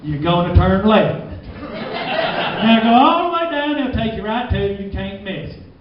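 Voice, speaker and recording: A man with a Southern US drawl performs stand-up in a small club, laughing at his own jokes in a high, sing-song voice at a moderate pace. The recording is distant, dull and echoey, with background noise.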